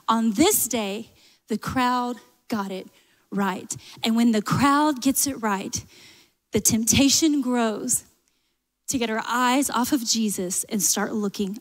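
A woman pastor with a Southern accent, preaching a sermon in an animated way, full of humorous asides. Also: on the high side, slow, in a large hall. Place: church sanctuary.

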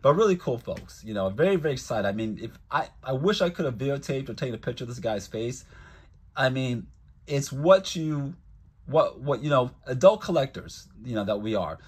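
Chatty husky-voiced man telling a story. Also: medium pitch, animated, normal speed. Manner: rambling, chatty storytelling with many fillers. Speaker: toy collector vlogger. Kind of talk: casual story time.

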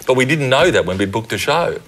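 A man spins a story on a TV comedy panel, his pitch roaming up and down as he laughs through the punchlines. The studio audio carries a heavy noise floor. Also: sing-song, fast. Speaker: panel guest.

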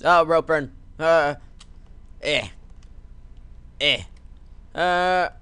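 A man's voice: medium pitch, takes it slowly, bright, forceful tone, smooth. A man giving goofy, jokey commentary while playing a game, sometimes acting out a scolding dad. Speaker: let's play commentator. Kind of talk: casual gameplay commentary.

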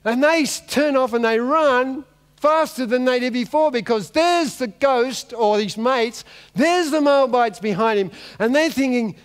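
A man preaches in a large church hall, the recording washed in long reverb, his very high-pitched voice clear and resonant at a normal speed. The pastor brings comic energy to a Bible story, acting out its characters.

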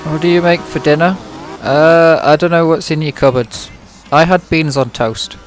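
A man's voice: fairly high pitch, fairly even intonation, moderate pace. A British man streaming a game, chatting casually in a dry, sarcastic-sounding way with plenty of swearing, close to the mic. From Britain. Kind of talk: casual livestream chat. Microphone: microphone close in front of the mouth. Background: music playing.

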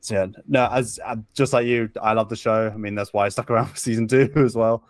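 A man's voice: medium pitch, fairly even intonation, fast talker, no room sound, studio quality. A man as a podcast guest, talking casually in a rambling, hesitant way full of restarts. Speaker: podcast guest, video essayist.

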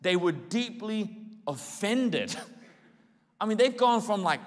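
A male pastor preaching a sermon in an animated way, acting out the voices of people in his stories. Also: high voice, slow. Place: large church hall. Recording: reverberant church hall.

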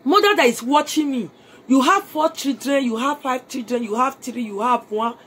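A woman's voice: high voice, normal speed, a bit bright, breathy edge. A Nigerian woman in a live phone video from her home, urging viewers to join her business in a mix of Pidgin and English. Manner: urgent persuasive appeals, mixing Pidgin and English. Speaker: network marketing seller. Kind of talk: live video sales pitch.

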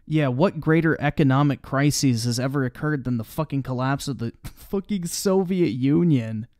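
A man's voice: mid-range voice, normal speed, darkish tone, no echo, studio quality, faint music behind. A man commenting on a video during a live stream, mocking it sarcastically with heavy swearing and reading viewer chat aloud.

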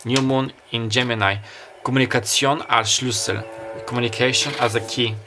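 Guy doing a tarot reading, halting and musing, soft beach sounds in the back. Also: medium pitch, steady tone, background noise. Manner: musing, halting, many fillers and restarts. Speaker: tarot reader. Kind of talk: pick-a-card tarot reading. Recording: faint beach ambience behind. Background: summer beach ambience sounds.

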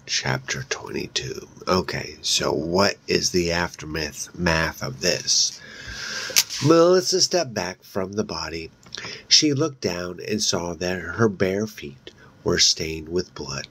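Deep, slow male story reader. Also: lively intonation, fairly bright tone, breathy edge. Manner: reads slowly, with slips and restarts. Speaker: audiobook reader. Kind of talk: casual read-aloud narration.

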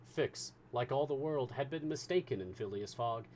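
A man reading a classic novel aloud as a storyteller, with measured, expressive narration. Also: mid-range voice, slight background noise.

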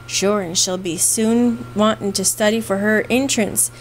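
A woman's voice: medium pitch, steady tone, unhurried, slight background noise, lightly acted, rough recording. A woman voicing a fond, scolding old housekeeper with an Irish brogue, read in a storybook. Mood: coaxing.

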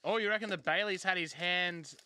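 A man hosting a live trading card break, excitably calling out each card and joking with a co-host. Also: high voice, fairly quick, smooth. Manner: excitable, banters and jokes while calling out pulled cards. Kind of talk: live case break commentary.

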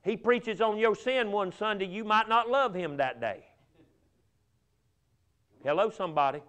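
Man preaching a revival in a church, high-pitched and ringing, alternating loud emphasis and soft drawn-out appeals. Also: lively intonation. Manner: swings from loud emphatic bursts to hushed, drawn-out pleading. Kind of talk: fervent revival sermon. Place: church sanctuary.

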